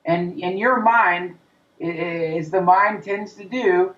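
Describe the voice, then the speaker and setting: A man's voice: high-pitched, slow, fairly bright tone. A man talking as a comedian guest in an interview, in an intense, profane rant, sometimes acting out the voice of his inner critic. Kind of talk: interview conversation. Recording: roomy, distant, dull sound.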